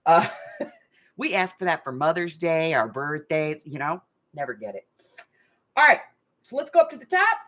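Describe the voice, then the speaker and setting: A woman's voice: low voice, sing-song, moderate pace, pauses often, a bit bright. A middle-aged woman, hosting a casual live stream game and telling rambling stories with frequent laughs. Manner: chatty, rambling, laughs often. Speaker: host of a craft channel live game. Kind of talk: casual chat and storytelling. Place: hot room at home.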